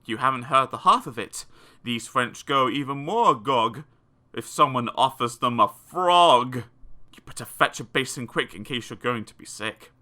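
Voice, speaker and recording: A man in his forties reading children's rhyming poems aloud with a playful, expressive delivery. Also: medium pitch, normal speed. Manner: lively, expressive, playful recitation. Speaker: audiobook reader.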